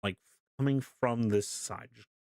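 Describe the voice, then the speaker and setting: A young man casually telling a story to his live stream chat, animated, laughing often and swearing freely. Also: mid-range voice, measured pace, vocal fry, clean tone, no room sound, clean studio sound.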